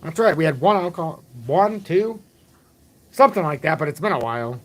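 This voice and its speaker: A man's voice: a little high, expressive, brisk, fairly bright tone. A man in his forties hosting a casual crypto livestream, rambling and joking at his own expense. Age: 40s. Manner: rambling, jokey, self-deprecating. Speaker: crypto channel host.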